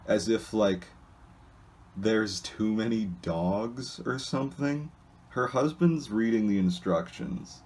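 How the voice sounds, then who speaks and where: A man's voice: lowish voice, slow, darkish tone, a little hiss or hum. A man casually describing comics aloud in a rambling, hesitant way, with many restarts and asides. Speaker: solo video host reading comics.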